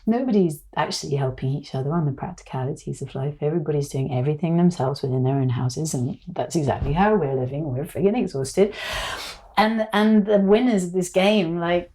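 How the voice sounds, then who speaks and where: A woman's voice: sits low, a little fast, husky. A woman, a podcast guest telling stories in a casual, emotional way, full of fillers. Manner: emotional, animated, filler-heavy storytelling. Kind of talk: casual conversation.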